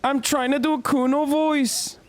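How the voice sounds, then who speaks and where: A man's voice: extremely high pitch, flat delivery, measured pace, a little hiss or hum, voice pushed up. A man doing a cocky, constantly swearing Scouse lad voice while playing a game. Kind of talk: comic put-on voice while gaming.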